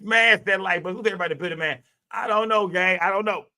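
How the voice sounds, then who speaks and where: A man's voice: high-pitched, fast talker, bright, forceful tone. A man hosting a live stream, talking in a loose, rambling and profane way, full of filler tags. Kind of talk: casual live stream commentary.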